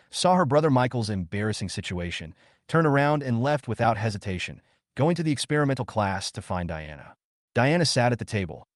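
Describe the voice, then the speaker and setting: Lively male story narrator. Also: lowish voice, no room sound, clean studio sound. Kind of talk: scripted narration.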